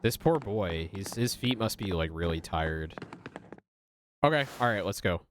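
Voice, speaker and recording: A man with a fairly low voice talks casually while playing a game, muttering to himself and reading on-screen text aloud. There is a faint hiss behind him. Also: lively intonation, measured pace. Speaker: streamer playing a story game. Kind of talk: casual gameplay commentary, reading dialogue aloud.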